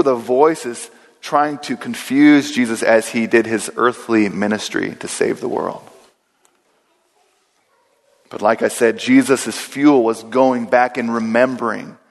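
A man preaching a sermon in a church, earnest and steady, slowing down and repeating key phrases for weight. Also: mid-range voice. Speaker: pastor. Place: church sanctuary. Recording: long hall reverb.

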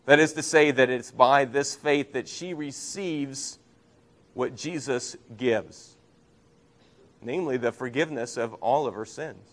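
A man's voice: mid-range voice, unhurried. Earnest male pastor preaching a sermon. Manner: earnest preaching, rising emphasis and soft drops.

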